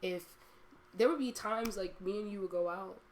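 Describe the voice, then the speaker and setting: A woman's voice: mid-range voice, normal speed, background noise. A young woman hosting a casual podcast chat, rambling and laughing often. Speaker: streamer and podcast host.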